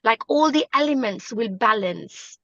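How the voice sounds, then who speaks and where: A woman's voice: fairly high pitch, animated, measured pace, fairly bright tone, no echo, lo-fi sound. Emphatic woman teaching mudras. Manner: emphatic, instructive, repeats points. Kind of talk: live online talk show.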